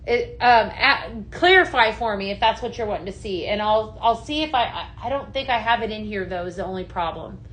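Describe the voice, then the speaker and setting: A woman's voice: mid-range voice, fairly quick, hardly any pauses, fairly bright tone. A woman consultant hosting a live product show, gushing and chatty, with lots of "just saying" and "right?". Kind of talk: upbeat live sales chat, reading viewer comments.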